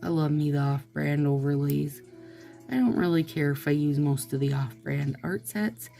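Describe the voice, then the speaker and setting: A woman's voice: low voice, moderate pace, gravelly, warm tone, faint music behind. A woman chatting casually to her viewers as she reviews nail products, with exasperated asides and talk aimed straight at the audience.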